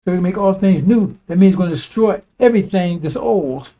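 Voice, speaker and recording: This animated, slightly fast preacher has a somewhat high, mellow voice and talks in a loose, conversational manner, not a formal one. A religious commentator, he keeps returning to the same point, drilling it emphatically and checking in with listeners via "right?" and "see?" in his informal monologue.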